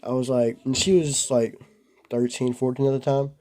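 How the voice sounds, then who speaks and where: A man's voice: mid-range voice, little pitch movement, moderate pace, darkish tone. A young man casually telling a rambling story to the camera, full of filler words and slang. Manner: rambling, laid-back, lots of "bro" and "like". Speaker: vlogger.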